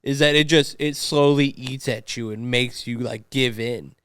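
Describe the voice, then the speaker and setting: A man co-hosts a laid-back podcast chat, rambling loosely and laughing easily. His mid-range voice is steady, clear and resonant, a bit bright, at a normal pace. The recording is clean studio sound with no room echo.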